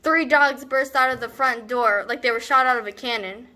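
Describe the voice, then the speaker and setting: A woman's voice: on the high side, normal speed, pushed and bright. A young woman performing a comedic monologue as a brash, scornful teenage girl, rambling with sarcastic asides. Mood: exasperated. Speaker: student actor.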